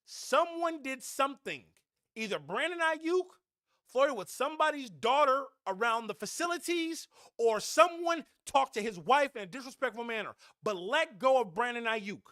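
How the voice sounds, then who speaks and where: A fired-up man runs his fan podcast with a high, bright voice that cuts through. He talks in a blunt, preachy, heated way. The sound is close and dry, with no room around it. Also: expressive, normal speed, dry recording. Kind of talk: opinionated sports rant.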